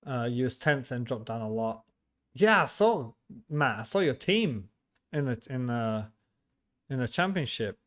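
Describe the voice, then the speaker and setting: A man's voice: mid-range voice, big pitch swings, unhurried, a bit bright. Casual male streamer, mid-range voice, banters with chat and restarts his sentences. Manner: chatty, teasing, laughs often, frequent restarts. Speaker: livestream host. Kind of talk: casual livestream chat reading viewer comments.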